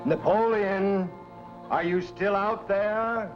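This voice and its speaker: A man's voice: sits high, steady tone, slow. A man playing a solemn, theatrical seance leader in a 1950s sitcom. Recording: dull 1950s TV soundtrack with music.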